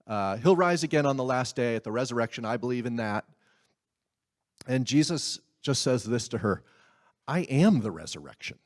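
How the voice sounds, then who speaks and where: A man's voice: mid-range voice, expressive, moderate pace. A man preaching a sermon in a conversational way, with asides and laughs. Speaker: pastor.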